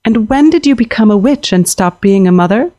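A woman's voice: medium pitch, lively intonation, fairly quick, dark tone, no echo, lightly acted. Woman voicing a proud young princess. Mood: resolute. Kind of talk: audiobook fiction reading.

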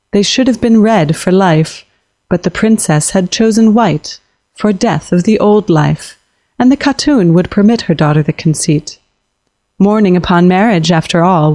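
A woman narrating a fantasy story in an even, measured way. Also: on the low side, dry recording, clean studio sound. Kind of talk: scripted narration of fantasy fiction.

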